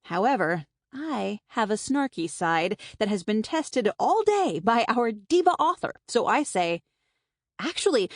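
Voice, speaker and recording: A woman's voice: medium pitch, very animated, measured pace, hardly any pauses, no echo. A woman reading a first-person novel aloud in a wry, conversational way, close to the mic. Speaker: audiobook narrator. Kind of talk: first-person scripted narration. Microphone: close studio mic.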